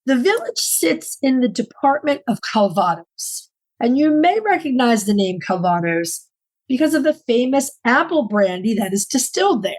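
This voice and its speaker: Woman co-host, fairly high voice, easygoing banter with dry wit. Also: big pitch swings, moderate pace, rough recording. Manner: chatty, dry humor. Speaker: podcast co-host. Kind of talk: casual chat.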